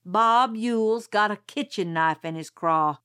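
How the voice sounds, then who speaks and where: A woman voicing a gruff, stubborn small-town male sheriff in a spoken audiobook, slow and insistent. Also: mid-range voice, a bit bright, lightly acted. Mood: urgent.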